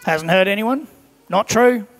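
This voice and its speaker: A young preacher shares everyday stories in his sermon, briefly voicing the people in them. He speaks a little slowly in a voice that is high for a man and a bit bright, recorded in a large church hall with a long, trailing echo.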